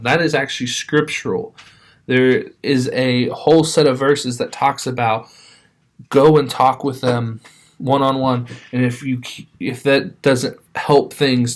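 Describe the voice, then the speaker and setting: Man giving a casual, chatty sermon. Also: mid-range voice. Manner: conversational, with restarts and asides.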